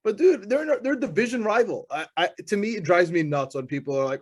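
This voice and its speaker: A man with a fairly high voice co-hosts a casual sports podcast. He gets worked up about team rivalries and laughs often as he talks. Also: big pitch swings, fast talker, few pauses. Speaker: podcast co-host.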